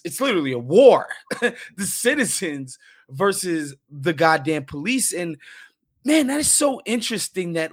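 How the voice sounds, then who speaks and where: A man with a slightly high voice hosts a loose, casual conversation. He asks his guest pointed, profane questions and swears freely. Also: fairly bright tone. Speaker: podcast host.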